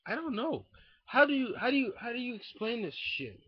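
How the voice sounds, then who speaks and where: A young man ranting casually into a webcam indoors, profane and rambling, swinging from muttering to shouting. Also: extremely high pitch, very animated, brisk, breathy edge, no room sound. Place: indoors at home. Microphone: webcam mic. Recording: dull lo-fi webcam audio.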